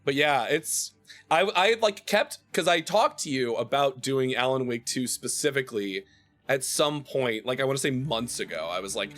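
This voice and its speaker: A man's voice: medium pitch, lively intonation, normal speed, fairly bright tone, soft background music. A man hosting his own game stream, tired after days of streaming, joking and self-mocking as he greets viewers. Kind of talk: casual banter while streaming a game.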